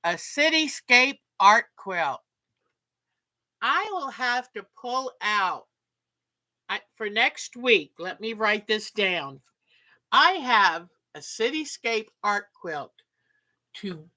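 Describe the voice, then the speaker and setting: A woman's voice: mid-range voice, expressive, slow pace, long pauses, sharp tone. A woman hosting a casual livestream, chatting and reading out viewer comments with enthusiasm. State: sleepy, yawning. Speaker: livestream host.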